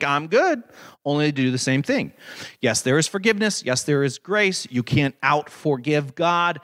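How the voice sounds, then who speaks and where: A man preaching a sermon in an animated, conversational way, with dramatic scripture readings. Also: a little high. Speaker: pastor.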